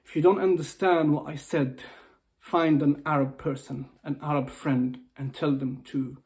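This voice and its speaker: A man's voice: a little high, steady tone, unhurried, darkish tone. A male motivational speaker gives an upset, emotional video message. He pleads, repeats himself and restarts his phrases. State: upset, near tears. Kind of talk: impassioned personal video message.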